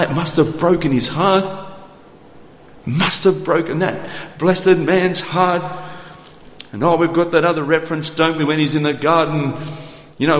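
High-pitched guy preaching, earnest and tender, slow then quick, echoey church hall. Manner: earnest, tender, swings between quiet slow lines and quick asides. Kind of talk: sermon.

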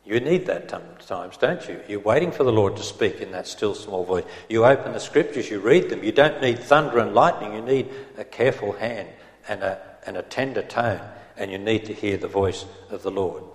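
A man preaching an expository sermon in a gentle, earnest manner, reading scripture aloud in old English. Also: fairly low pitch, normal speed. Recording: roomy hall with long reverb.

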